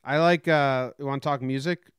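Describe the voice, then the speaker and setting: Smooth, wry man chatting casually. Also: medium pitch, moderate pace, dry recording. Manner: wry, animated storyteller, mock-sings bits. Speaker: podcast co-host. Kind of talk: casual chat.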